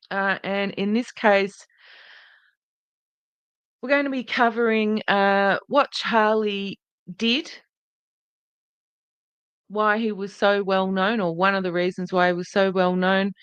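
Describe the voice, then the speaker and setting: A woman's voice: mid-range voice, fairly bright tone, smooth, no echo. A woman hosting a podcast livestream in a casual, chatty way, greeting viewers by name and speaking earnestly and indignantly. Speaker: podcast host.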